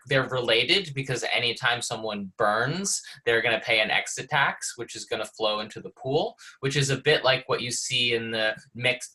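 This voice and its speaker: A man's voice: medium pitch, sharp tone, low-quality recording. A man presenting on a community video call, explaining a technical design as he thinks aloud, with many fillers and restarts.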